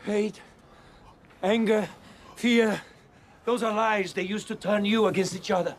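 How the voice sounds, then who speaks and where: An actor playing Jesus in a film, calling out to a crowd from a distance in a pleading, raised voice. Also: male voice, high-pitched, steady tone, unhurried, slight background noise. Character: Jesus preaching love to a crowd. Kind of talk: film drama.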